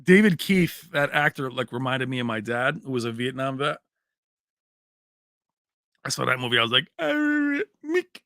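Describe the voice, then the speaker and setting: A man's voice: medium pitch, normal speed, long pauses, a bit bright, dry recording, studio quality. A man hosting a livestream in casual chat. He rambles, laughs often and answers viewers by name. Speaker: livestream host.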